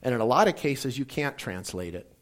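A man's voice: mid-range voice, lively intonation, fairly quick. A man giving a casual teaching talk, rambling through stories and acting out little bits of dialogue with jokes. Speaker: speaker teaching about Bible translation.

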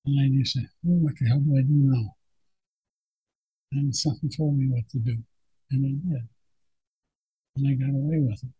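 A man's voice: medium pitch, steady tone, normal speed, long pauses, dark tone, a little hiss or hum, low-quality recording. An older man, a veteran, reflectively recalling his wartime service in a plainspoken oral history telling.

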